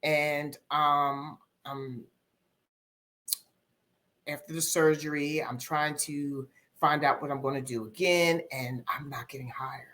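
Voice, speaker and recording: Low-voiced woman telling her story candidly. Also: steady tone, slow pace, fairly bright tone. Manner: candid, reflective, with many ums and repeated phrases. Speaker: guest life coach. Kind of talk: podcast interview storytelling.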